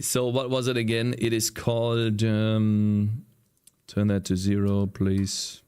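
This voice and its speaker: A fairly low, monotone voice with a darkish, clear, resonant tone comes from a man working on a game during a casual coding livestream. He speaks slowly to himself, frustrated and swearing, his voice strained from screaming.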